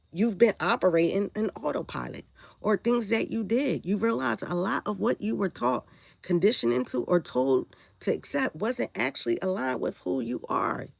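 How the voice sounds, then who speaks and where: A woman with a flu-raspy voice hosting a casual spiritual livestream, preaching and checking in with her viewers. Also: mid-range voice, no echo. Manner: preachy, asks viewers if they follow.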